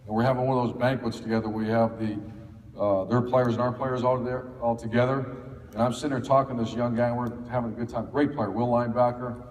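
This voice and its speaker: A man's voice: medium pitch, little pitch movement, fast, a little mellow, recorded from a distance. Man telling stories in an echoey hall. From Ohio. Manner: folksy, anecdotal, many restarts and fillers. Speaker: football coach speaking at a clinic. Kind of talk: storytelling talk to an audience. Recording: echoey hall, faint ambience.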